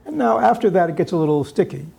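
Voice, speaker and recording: A man giving a dharma talk to an audience, pausing often on fillers and checking in with rhetorical questions. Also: high voice, expressive, gravelly, warm tone, slightly rough. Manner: halting, with many filler pauses. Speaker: dharma teacher.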